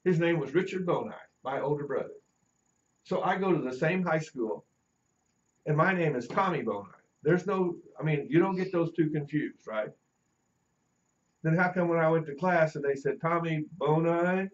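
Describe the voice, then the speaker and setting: A middle-aged teacher educator leads a class, his voice a little high with lively intonation and a moderate pace, the sound lo-fi. He shares anecdotes, imitating the voices of those he describes.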